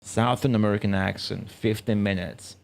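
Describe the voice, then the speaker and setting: A man, rambling and swearing through live gameplay stream chatter, laughing often and jumping into high exclamations. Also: fairly even intonation, normal speed, vocal fry. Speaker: game streamer. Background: game music.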